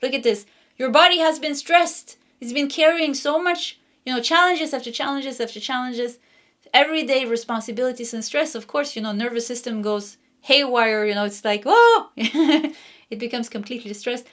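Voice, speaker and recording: A woman's voice: fairly high pitch, steady tone, brisk. Chatty woman doing a tarot reading. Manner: warm, chatty, laughs often, many fillers. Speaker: tarot reader. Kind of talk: casual spoken tarot reading.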